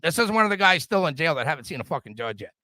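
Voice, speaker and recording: A man's voice: a little high, sing-song, very fast, bright, forceful tone, no room sound. A middle-aged man hosting a podcast, ranting casually and profanely about politics, often stammering and restarting his sentences. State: drinking whiskey. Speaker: podcast host.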